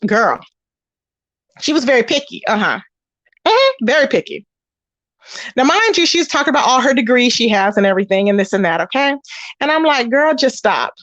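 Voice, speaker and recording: A woman's voice: a little high, normal speed, pauses often, dry recording, highs cut off. A woman, hosting a casual gossip commentary and talking straight to her viewers, acting out the people she quotes. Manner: animated storytelling, acts out quoted voices, talks straight to viewers. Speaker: commentary channel host.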